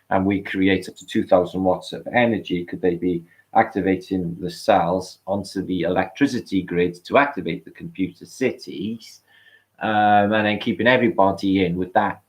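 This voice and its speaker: A middle-aged British man hosting a livestream, chatting casually, rambling and swearing as he reads out viewer comments. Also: low voice. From Britain. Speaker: livestream host.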